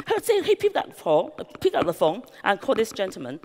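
A woman with a Chinese accent tells her business story from a conference stage at a middling pitch. She keeps the anecdotes lively, acts out quotes and scatters "you know" throughout. Her voice rings with the long reverb of a big hall. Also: quick pace. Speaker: real estate agency founder giving a conference speech.

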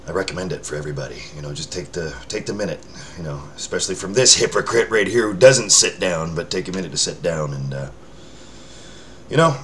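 A man with a deep voice and fairly bright tone is checking in with his followers, chatting casually to the camera indoors beneath a lamp near a window. He rambles and teases himself, leaning on fillers and restarting his thoughts, over slight background noise.

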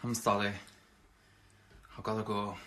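A man's voice: fairly low pitch, monotone, measured pace, bright, forceful tone, a little hiss or hum. An actor playing a brash, boastful and crude young man in a comedy sketch, full of cheeky insults. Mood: chatty. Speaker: comic character.

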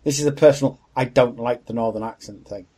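Guy cohosting a podcast, kinda husky, blunt opinions, jokey and candid. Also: mid-range voice, quick pace, dark tone. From Wales. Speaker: podcast co-host. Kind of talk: casual chat.

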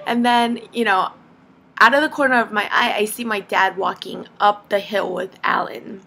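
Animated high-voiced young woman vlogger. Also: moderate pace, creaky. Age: young adult. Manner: animated, laughing, acts out quotes. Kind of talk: casual storytelling to camera.

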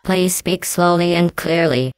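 A synthetic woman's voice playing a calm, polite voice-recognition elevator that keeps asking to repeat. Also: fairly low pitch, a little slow, smooth, no echo. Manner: calm, prim, repetitive. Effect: text-to-speech voice.

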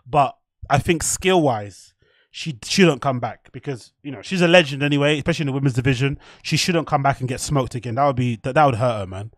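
Speaking briskly at medium pitch, this man runs a live stream where he rambles, curses, reacts to a fight, and reads out messages from chat. The recording is dry and studio-clean, and the talk is loose stream commentary.

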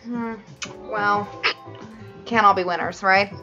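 A woman's voice: medium pitch, steady tone, slow, pushed and bright, lo-fi sound, soft background music. A woman hosting a casual gaming chat, sounding sleepy and yawning often as she plays. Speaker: host playing a video game.

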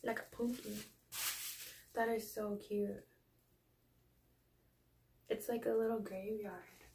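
A woman vlogger chatting casually through an unboxing. She gushes about how cute everything is, apologizes often, and sometimes drops into a soft whisper. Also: on the high side, little pitch movement, slow, gravelly, slight background noise. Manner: gushing, calls everything cute; self-deprecating, apologizes often.

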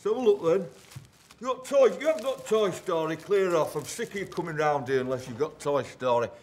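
A man's voice: on the high side, a little fast, darkish tone, close to an everyday voice. A man playing a cheeky young male singer, telling a jokey story in slang. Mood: cocky.

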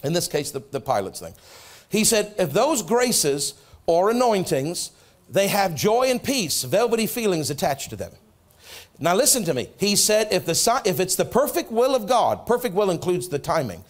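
A middle-aged man, a pastor preaching a sermon in a church, telling a personal story and acting out the dialogue, going soft and low for quoted words. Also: normal speed. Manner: animated storytelling, acts out prayers and dialogue, drops soft for quotes. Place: church sanctuary.

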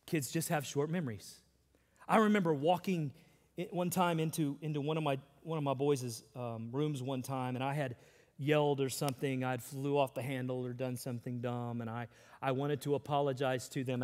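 Impassioned pastor in a reverberant hall. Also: male voice, mid-range voice, moderate pace. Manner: impassioned, swings between loud emphasis and hushed tones. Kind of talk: sermon. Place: large church hall.

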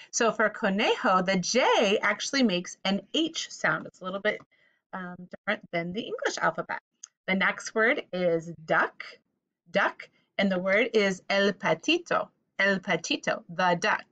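A woman's voice: medium pitch, a bit bright, poor audio. A woman teaching a vocabulary lesson for children, patiently repeating each word and inviting the listener to say it back.

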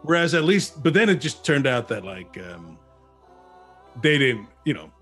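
A male actor chats as an interview guest, telling stories with a voice that rises and falls expressively. He is at mid pitch and talks with many quick restarts and asides. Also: breathy edge, soft background music. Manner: animated storyteller, many restarts. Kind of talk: casual interview chat.

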